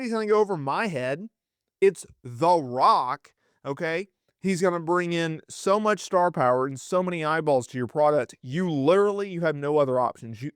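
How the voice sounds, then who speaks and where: A man giving opinionated wrestling news commentary, animated and sarcastic, often acting out quotes in mock voices. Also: on the high side, no echo, studio quality.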